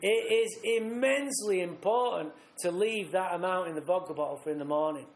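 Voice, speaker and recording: A man speaking at a recovery retreat, telling his own story bluntly and vividly, acting out scenes with rough language. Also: high-pitched, brisk. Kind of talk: personal recovery story told live. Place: retreat meeting room. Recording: roomy live talk recording.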